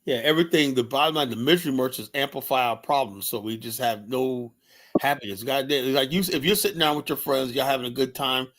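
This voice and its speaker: A man's voice: mid-range voice, fairly quick, a bit bright. A man hosting a show, ranting with blunt, profane anger in a mid-range voice. He leans on "you know" between every point. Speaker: host. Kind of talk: casual ranting commentary.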